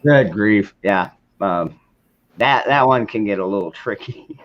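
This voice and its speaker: A man's voice: fairly low pitch, a little slow, muffled recording. A man hosting a casual late-night livestream chat, laid-back and swearing freely, greeting viewers in the chat. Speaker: livestream host.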